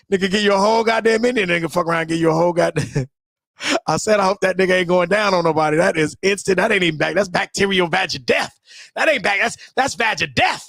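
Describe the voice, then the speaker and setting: A man hosting a live stream, ranting and joking in a loud, profane, laughing way that breaks into shouted bits. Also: high-pitched, dry recording, studio quality. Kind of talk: loud comedic rant.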